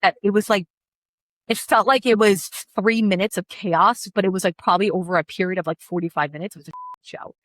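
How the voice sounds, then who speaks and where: A woman wedding coordinator tells a story in quick, blunt, animated bursts, swearing freely as she plays out each exchange. The sound is dry and close, with no room echo. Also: medium pitch. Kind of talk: casual storytelling chat.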